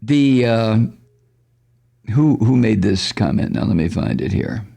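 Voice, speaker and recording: A man hosting a political talk radio show, sarcastic and profane, with mocking laughs and loud exclamations. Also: on the low side, expressive, unhurried, gravelly.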